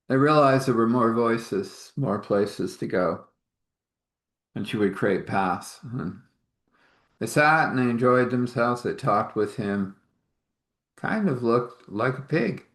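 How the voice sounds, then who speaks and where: Man narrator, lowish voice, halting improvised storytelling with acted-out dialogue, echoey room. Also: lively intonation. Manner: rambling, halting, acts out dialogue in shifting voices.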